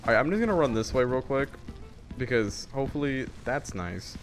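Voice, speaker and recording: A woman's voice: a bass voice, animated, brisk. A woman giving commentary on a horror game, muttering to herself and screaming at it when chased. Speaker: gamer. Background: game music.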